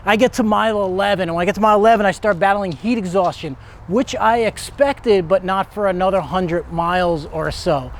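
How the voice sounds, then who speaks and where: A man's voice: sits high, a little hiss or hum. A middle-aged man, a motivational speaker, telling a personal story in an earnest manner that builds to emphatic peaks.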